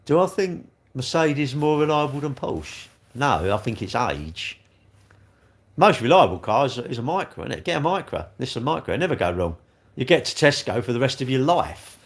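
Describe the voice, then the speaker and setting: This older Englishman sounds very animated, speaking at normal speed in a medium pitch as he hosts a casual livestream. Viewer comments get read aloud and met with cheeky, blunt banter, plus plenty of "mate" and "innit."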